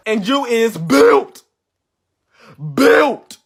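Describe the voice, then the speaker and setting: A man voicing sassy young schoolkids who trade rapid-fire insults and burst into loud squeals. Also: extremely high pitch, huge pitch swings, creaky, breathy edge, heavily acted. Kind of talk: comedy skit character voices.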